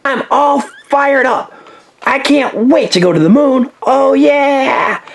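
A man's voice: very high-pitched, slow pace, pitched above the performer's own voice, heavily acted. A man voicing a peppy, goofy male firefighter pup in a toy story, giddy and showy.

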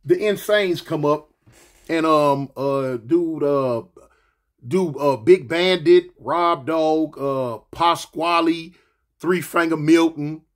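High-voiced man with a lisp. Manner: animated, slangy, rambling with fillers and restarts. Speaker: storyteller recounting his past. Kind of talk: casual storytelling.

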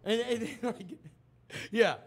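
Speaking slowly with vocal fry in a very high-pitched voice, a man hosts a sports radio show. Into a studio microphone, he tells an animated story amid casual banter, acting out what people said.

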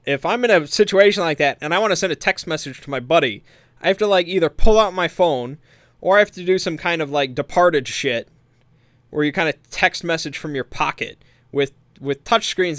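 A man's voice: fairly high pitch, fairly quick, fairly bright tone, no echo. A man casually recapping a tabletop game session in a meandering, hesitant, amused way.

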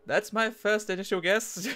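A man's voice: high voice, fairly even intonation, a little slow, music in the background. A man giving panicky, giggly gameplay commentary as a gaming YouTuber. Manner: panicky, giggly, self-mocking.

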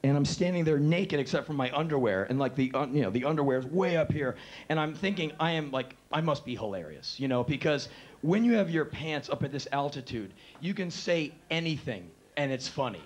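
Profane, animated man telling stories on stage. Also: fairly high pitch, a little fast. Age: 30s. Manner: animated, profane, acts out quotes in shifting voices. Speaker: spoken word performer. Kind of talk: spoken word storytelling on stage. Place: live theater stage.

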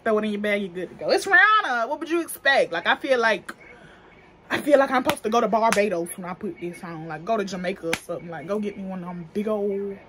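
A woman's voice: medium pitch, fast, background noise. A young adult woman talking in African American Vernacular English, chatty and profane, reviewing makeup in a casual vlog. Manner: chatty, slangy, profane, laughs often. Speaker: beauty vlogger.

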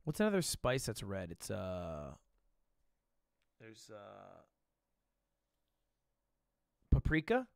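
Young streamer guy muttering word guesses and swearing, lively pitch, dead dry room. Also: slow, creaky, no room sound. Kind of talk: casual gaming commentary.

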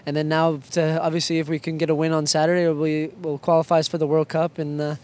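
A young man answers rapid interview questions with a teasing, self-mocking humor. His voice sits fairly high but stays flat and even, with little rise and fall. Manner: playful, joking, self-mocking. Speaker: professional soccer player, interview guest. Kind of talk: casual quick-fire interview answers.

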